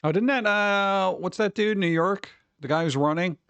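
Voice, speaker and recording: A man's voice: sits high, normal speed, fairly bright tone, smooth, dry recording, highs cut off. A man chatting casually on a live stream, rambling, swearing freely and often laughing.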